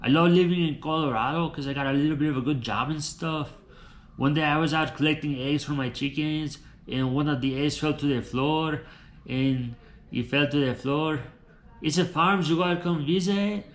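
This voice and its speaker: A man's voice: on the high side, natural voice. A man voicing a cheerful Mexican farmer from Tijuana, with a Mexican accent and teasing slang.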